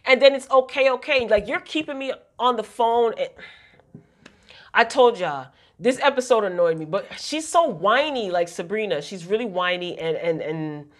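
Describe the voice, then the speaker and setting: A woman's voice: medium pitch, expressive, normal speed. Woman vlogger, chatty and opinionated, exasperated recap of a TV show, conversational. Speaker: TV episode reviewer. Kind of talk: casual recap commentary.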